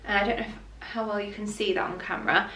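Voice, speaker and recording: A woman's voice: medium pitch, steady tone, fast, bright, forceful tone. A woman vlogger in a casual try-on chat, rambling and full of fillers, sounding congested from hay fever. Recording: roomy echo, mic at a distance.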